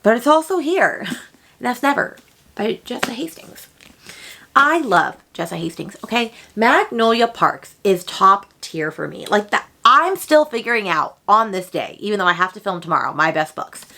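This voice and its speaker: A young woman vlogging a casual, animated rant about books she disliked, sounding exasperated. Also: mid-range voice, normal speed, vocal fry. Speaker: book vlogger. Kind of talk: casual ranting book review.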